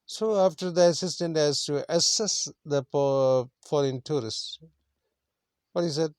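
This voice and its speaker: A teacher explaining a lesson slowly. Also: male voice, fairly high pitch, darkish tone, clean tone, dry recording. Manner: explains words simply, repeats, many fillers. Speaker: English teacher. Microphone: screen recording.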